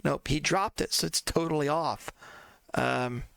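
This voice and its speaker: A man's voice: a little high, unhurried, vocal fry, fairly bright tone, smooth, no echo. A man hosting a let's play who chats loosely and rambles, often calling his viewers folks. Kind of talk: casual gaming commentary.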